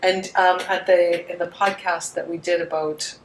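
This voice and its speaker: A woman's voice: on the low side, flat delivery, moderate pace, echoey room, slight background noise, low-quality recording. A woman with a Canadian accent, co-hosting a casual podcast chat and laughing often. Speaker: podcast co-host, yarn shop owner.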